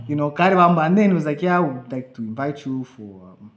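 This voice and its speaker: A young man on the high side of pitch talks fast, co-hosting a podcast in an echoey room with slight background noise. In casual chat he tells a story, animatedly acting out quotes from himself and others.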